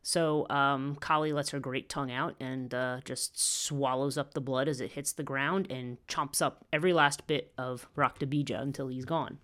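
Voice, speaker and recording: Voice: mid-range voice, fairly even intonation, normal speed, few pauses, fairly bright tone. A teacher giving a podcast lecture in a rambling way, with frequent fillers and restarts.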